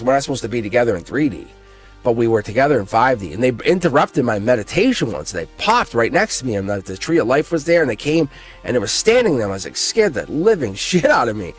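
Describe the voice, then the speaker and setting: A man hosting a casual live-stream tarot reading, excitable, laughing often and swearing freely. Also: medium pitch, husky.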